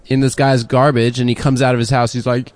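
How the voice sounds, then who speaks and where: A man's voice: mid-range voice, little pitch movement, fairly quick, darkish tone. A man in casual podcast chat, a crude storyteller who laughs easily.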